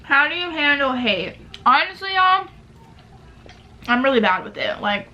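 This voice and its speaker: Young woman around 19 doing a q&a while she eats, kinda high and bright, says like a lot. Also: very animated, unhurried, lo-fi sound. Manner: chatty, filler-heavy, talks with mouth full. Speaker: YouTuber. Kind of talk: casual Q&A while eating. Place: home near a street.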